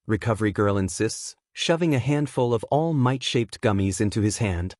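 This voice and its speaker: A man narrating a fan-written story in a steady, even storytelling manner. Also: fairly low pitch, normal speed, no echo, studio quality. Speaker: fanfic narrator.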